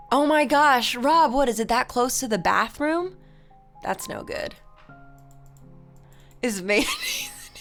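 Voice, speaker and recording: Bright-voiced young woman chatting with viewers. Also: medium pitch. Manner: chatty storytelling, laughs often, reads chat aloud. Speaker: live streamer and musician. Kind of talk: casual chat with viewers.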